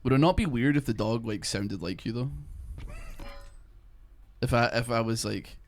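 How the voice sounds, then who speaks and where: A man's voice: mid-range voice, moderate pace. A young man streaming from his bedroom, rambling and joking as he plays a game. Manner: rambling, jokey, thinks aloud. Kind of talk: casual gameplay commentary.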